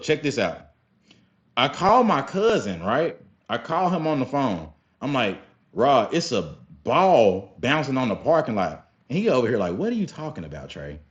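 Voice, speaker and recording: A young man telling a story casually to his viewers, animated and profane, often calling them y'all. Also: medium pitch. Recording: slightly dull lo-fi sound with faint music.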